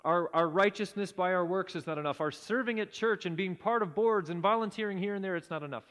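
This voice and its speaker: High-voiced man preaching in a reverberant hall. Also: fast talker. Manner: earnest, drops to a hushed low voice at key points. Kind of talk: sermon. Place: church sanctuary.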